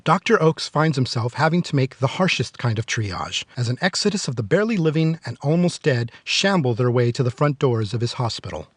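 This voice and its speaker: Sardonic forties guy doing a movie podcast, dark jokes, mid pitch, dry close mic. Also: no room sound. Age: 40s. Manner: sardonic, darkly joking. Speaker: podcast host. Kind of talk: film review podcast narration.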